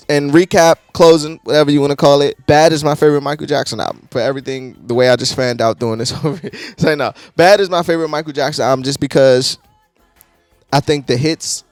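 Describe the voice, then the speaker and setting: A young man reviewing music in a casual, excitable, slangy, rambling way. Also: mid-range voice, no room sound.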